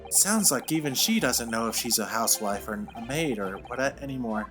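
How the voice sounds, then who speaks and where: A man hosting a let's play, chatting excitably about the game as he goes. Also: mid-range voice, brisk, hardly any pauses, faint music behind. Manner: excitable, chatty, says dude. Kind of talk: casual game commentary.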